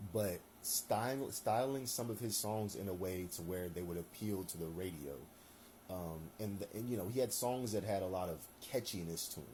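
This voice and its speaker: A man's voice: fairly low pitch, mellow, slight background noise. A young man giving his opinions in a loose, rambling monologue, full of slang and fillers. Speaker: solo commentator.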